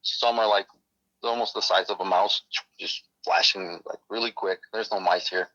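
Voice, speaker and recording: A military veteran telling a story in a rambling, self-interrupting way over a phone call. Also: male voice, low-pitched, fairly even intonation, normal speed, bright, forceful tone. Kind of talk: casual storytelling. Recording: muffled phone line.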